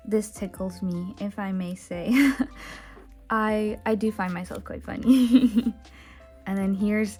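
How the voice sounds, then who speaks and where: A chatty woman from outside the United States talks through her sketchbook in a casual, self-deprecating way, giggling often. Her voice sits in a middle pitch, with soft music playing behind her. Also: slow. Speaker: artist vlogger. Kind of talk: casual narrated sketchbook tour.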